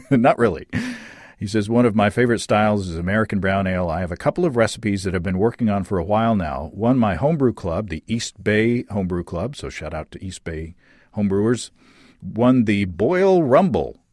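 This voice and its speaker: A man's voice: fairly low pitch, fairly quick, no echo, studio quality. A man hosting a casual chat, reading listener letters aloud with frequent fillers and laughter. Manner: lively, laughing, many fillers and restarts. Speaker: podcast host.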